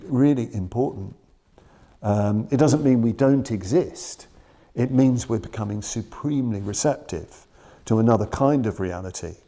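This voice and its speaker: A man giving a Buddhist dharma talk in a shrine room, reflective and earnest, dwelling slowly on key words. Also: fairly low pitch, mellow. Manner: reflective, earnest, quoting his teacher with slow emphasis. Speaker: Buddhist teacher.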